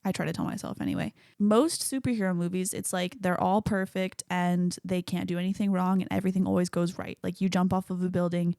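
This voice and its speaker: Casual podcast lady talking movies, swears a lot, gravelly voice, dry close sound. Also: fairly low pitch, steady tone, fairly quick, hardly any pauses, mellow, no room sound. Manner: chatty, swears freely, acts out quotes. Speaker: podcast host. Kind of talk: casual solo film commentary.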